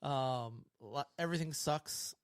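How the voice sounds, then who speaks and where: A man's voice: medium pitch, a little slow, clean tone, no echo, clean studio sound. A middle-aged man co-hosting a casual podcast over beers, rambling through stories, acting out quotes and laughing often. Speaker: podcast co-host.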